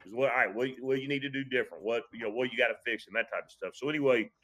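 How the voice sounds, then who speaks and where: A man who coaches high school football, speaking casually on a podcast, reflective and earnest, often restarting his sentences. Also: sharp tone. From Kentucky.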